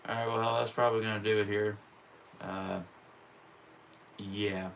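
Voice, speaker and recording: A man's voice: on the low side, little pitch movement, unhurried, creaky, fairly bright tone, a little hiss or hum. A man on a live stream calling a stock car race lap by lap, swearing and ranting in open frustration between calls. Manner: profane, openly frustrated ranting. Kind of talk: casual live-stream play-by-play.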